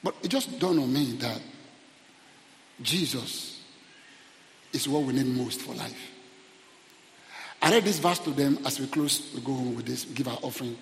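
A man preaching a fervent sermon in a church auditorium, calling out to the congregation and rising to shouted peaks. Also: medium pitch, moderate pace, creaky, pauses often, long reverb tail, slight background noise. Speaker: pastor.

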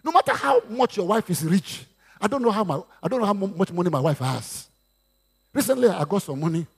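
A Nigerian man preaching a sermon in a high, lively voice. His tone has a husky, gravelly grain, and he swings widely in pitch as he acts out what others say. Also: a little fast. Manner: lively preaching with Yoruba asides and acted quotes. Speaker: pastor.

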